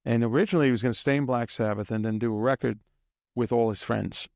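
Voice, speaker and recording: Gravelly guy rambling thru old band stories, chuckles a lot, dry room. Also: mid-range voice, steady tone, quick pace, a little mellow, no room sound. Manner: rambling, chuckling raconteur who mimics drum beats. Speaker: guest drummer. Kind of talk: casual anecdotal storytelling.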